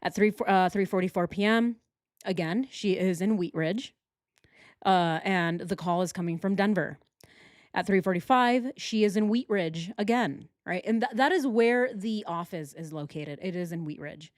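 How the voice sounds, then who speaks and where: A woman's voice: medium pitch, normal speed, no room sound, clean studio sound. A woman doing true crime reaction commentary, indignant and conversational, and often asking her viewers questions. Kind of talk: reaction commentary over video.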